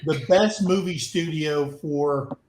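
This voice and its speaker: High joking man in an echoey room. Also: darkish tone. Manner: quick, joking interjections. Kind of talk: casual chat.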